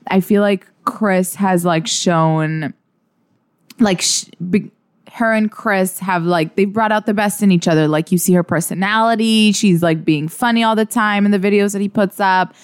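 A woman's voice: medium pitch, moderate pace, smooth, no echo, clean studio sound. A woman co-hosting a podcast, chatting casually about celebrities with many "like"s. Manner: chatty, filler-heavy, upbeat. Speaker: podcast co-host. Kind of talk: casual celebrity gossip chat.

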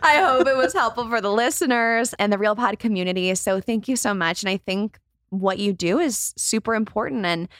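A woman's voice: mid-range voice, a little fast, fairly bright tone, dry recording, studio quality. A woman hosting a podcast, upbeat and giggly, chatting casually and then reading the outro. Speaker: podcast host. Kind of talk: casual chat and show outro.

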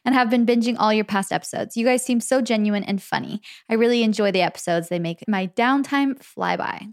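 A woman's voice: a little high, a little fast, smooth, no echo, studio quality. A young woman co-hosting a casual podcast, reading a listener's letter and telling stories with frequent laughs. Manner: chatty, laughs often, animated storytelling. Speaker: podcast co-host.

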